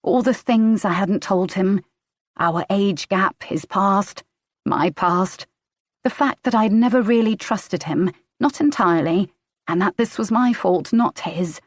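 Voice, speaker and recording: A woman's voice: medium pitch, a little slow, no room sound, studio quality. A woman reading a first-person audiobook in a tense, emotional way. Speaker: audiobook narrator.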